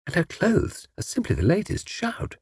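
A man reading an audiobook, voicing a mocking, skeptical young woman detective in a raised, husky voice. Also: high-pitched, wildly swooping pitch, moderate pace, darkish tone, dry recording, clean studio sound, voice pushed up, full character voice. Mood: teasing. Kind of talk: audiobook character voice.

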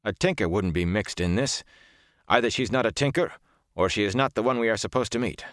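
A man narrating a storybook who voices an excitable, argumentative young soldier speaking quickly and emphatically. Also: fairly low pitch, no room sound, clean studio sound, close to an everyday voice. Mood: arguing.

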